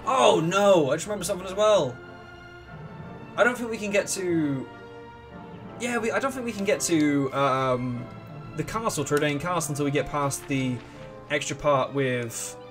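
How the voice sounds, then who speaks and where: A fairly high-voiced man hosts a let's play, talking through the game in a loose, rambling way. He is excitable, trips over his own sentences and hums little tunes as he goes. Faint game music plays under his voice. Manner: rambling and excitable, restarts often, hums along. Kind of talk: casual gameplay commentary.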